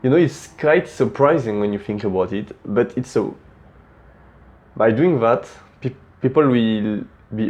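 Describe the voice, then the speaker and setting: A young man with a French accent giving casual speaking tips, plain-spoken and relaxed, often restarting words. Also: medium pitch, unhurried. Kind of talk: casual instructional talk.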